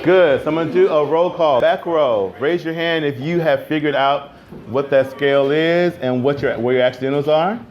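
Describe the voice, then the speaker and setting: A man teaching a music class, keeping students on task with firm, brisk directions and some playful teasing. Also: on the high side, darkish tone, highs cut off. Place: school classroom. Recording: noisy classroom with students chattering.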